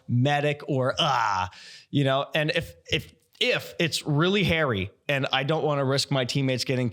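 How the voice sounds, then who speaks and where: Animated man telling stories on a podcast. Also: on the high side. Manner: animated storyteller, acts out yells and laughs often. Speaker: podcast co-host. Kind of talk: casual podcast chat.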